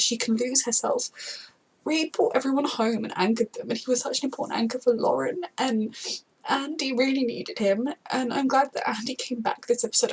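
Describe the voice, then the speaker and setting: A woman records a casual reaction vlog close to her camera. Her fairly high voice carries a husky, breathy grain. She rambles emotionally and keeps breaking off mid-sentence before pushing on. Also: darkish tone, low-quality recording. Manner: rambling, emotional, self-interrupting. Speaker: TV show reactor.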